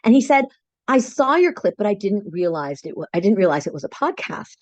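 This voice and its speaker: A woman's voice: mid-range voice, big pitch swings, a little fast, darkish tone, no echo, low-quality recording. A woman co-hosting a podcast in casual chat over a video call, enthusiastic and laughing often. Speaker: podcast co-host.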